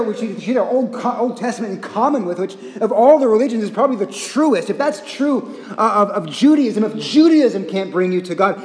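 A man delivers an earnest expository sermon in a fairly high voice. He leans into quiet, deliberate emphasis and then builds to rising intensity. The sound carries a long, echoing reverb from a large hall. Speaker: pastor.

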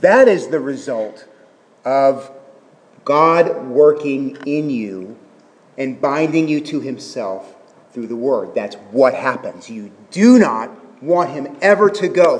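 Man, pastor, earnest sermon, high voice, long hall echo. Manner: earnest expository preaching with asides.

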